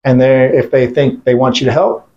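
A man's voice: mid-range voice, level tone, moderate pace, dull audio. Blunt man telling a war story. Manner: blunt, profane, retells events by quoting others; rambling with restarts and fillers. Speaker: interview guest, military veteran. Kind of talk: casual storytelling in conversation.

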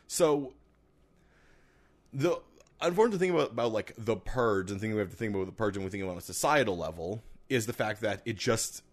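A man co-hosting a casual podcast chat, riffing in quick excitable bursts and laughing often. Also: lowish voice.

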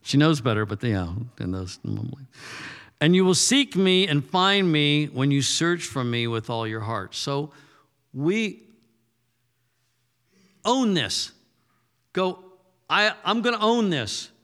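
Guy preaching in a church hall, kinda high voice, long echo, chatty and repeats himself a lot. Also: big pitch swings, slow, pauses often, a bit bright, smooth. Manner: conversational preaching, frequent word repeats. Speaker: pastor. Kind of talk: sermon. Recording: reverberant hall.

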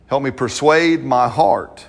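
A man preaching a sermon with a slightly husky voice. He talks to the congregation in a loose, conversational way, acting out little quotes and laughing as he goes. His pitch sits in the middle range. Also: slow.

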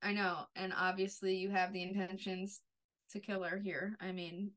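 A woman co-hosting a podcast, chatting casually about a TV episode in a relaxed, agreeable way with lots of fillers. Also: mid-range voice, moderate pace. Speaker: podcast co-host. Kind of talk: casual TV recap chat.

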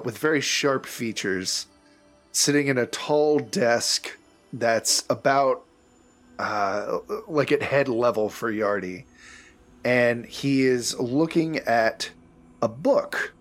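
Male game master narrating a tabletop game at a slow pace, faint music behind. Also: medium pitch. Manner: unhurried, loose, with fillers and self-corrections.

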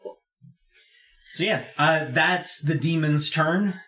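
A man's voice: on the high side, takes it slowly, sharp tone, soft background music. A man narrating as game master of a tabletop game, describing scenes in a loose, laid-back way with hesitations.

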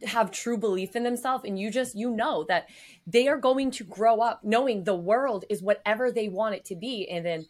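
A woman's voice: mid-range voice, normal speed. A young woman co-hosting a podcast, chatting casually with enthusiastic affirmations. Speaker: co-host.

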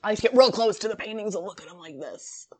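A woman's voice: medium pitch, animated, fast, a crowd in the background. Chatty woman podcast co-host. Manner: chatty, laughs often, trails off. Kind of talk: casual chat reviewing a sitcom episode.

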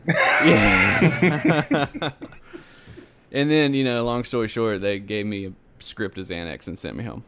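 A man's voice: on the low side, takes it slowly, fairly bright tone. A young man hosting a podcast, telling a long story in a rambling, casual way, laughing and acting out what people said. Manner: rambling, laughing, acts out quotes. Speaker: podcast host.

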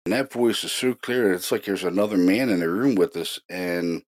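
Casting: deep-voiced male host, casual storyteller, animated and excited, filler-heavy. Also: moderate pace. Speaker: paranormal investigator host.

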